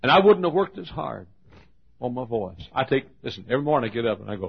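Gravelly older preacher telling stories. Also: male voice, mid-range voice, quick pace. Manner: loud, animated storytelling preacher. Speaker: pastor. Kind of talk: sermon. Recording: dull lo-fi sermon recording.

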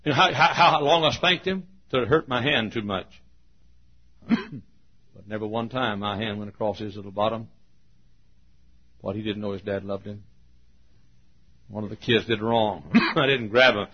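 An older man preaching a sermon in a folksy way, laughing often and shouting for emphasis. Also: lowish voice, normal speed, pauses often, slightly rough. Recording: muffled old sermon tape.

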